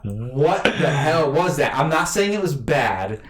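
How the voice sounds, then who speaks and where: A man's voice: on the high side, big pitch swings, slow pace, roomy sound, crowd noise. A man chatting casually about movies as a podcast host, rambling with many fillers and restarts. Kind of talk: casual movie review chat.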